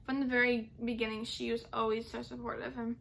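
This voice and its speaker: A young woman vlogger recounts her own story in loose, chatty speech, her voice sitting a little high. She rambles, circling back with plenty of "like" and "um". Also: little pitch movement, brisk, vocal fry, fairly bright tone. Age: young adult. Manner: rambling, heavy use of "like" and "um". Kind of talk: casual personal storytelling.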